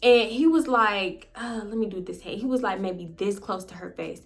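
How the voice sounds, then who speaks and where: A young woman, casually telling a story to her viewers and acting out her friends' lines in quick quotes. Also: mid-range voice. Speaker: storytime YouTuber.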